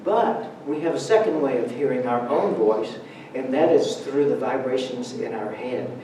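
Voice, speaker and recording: A man with a medium-pitched, dark voice speaks at a moderate pace, with a little hiss or hum. Giving a Sunday talk in a church sanctuary, he tells stories conversationally and with humor, drawing laughs. The roomy hall echoes, and he stands far from the mic.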